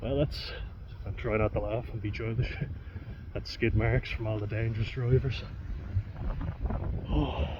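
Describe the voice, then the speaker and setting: A man chatting to camera while out on a walk, casual, self-mocking and quick to swear and laugh. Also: lowish voice, steady tone. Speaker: vlogger. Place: outdoors on a country walk. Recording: dull lo-fi sound with wind noise outdoors.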